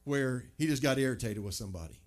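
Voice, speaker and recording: A pastor preaching a sermon, conversational and emphatic, full of rhetorical questions. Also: male voice, medium pitch, animated, fast.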